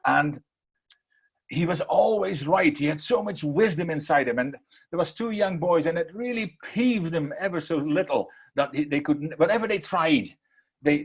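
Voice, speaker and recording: A man's voice: a little high, dull audio. A man giving an inspirational talk, repeating phrases earnestly and then telling a parable. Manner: earnest, repetitive, emphatic. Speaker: motivational speaker.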